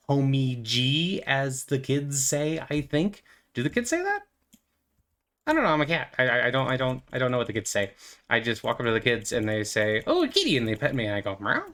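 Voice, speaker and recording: A man's voice: medium pitch, a bit bright. Man rambling playful gameplay commentary host. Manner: rambling, goofy and playful, with many fillers. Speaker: gaming channel host. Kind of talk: casual commentary while playing.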